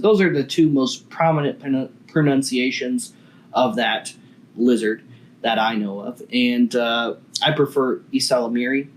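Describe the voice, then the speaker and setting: A man's voice: medium pitch, slight background noise. A man hosting a casual toy review video, chatty and enthusiastic.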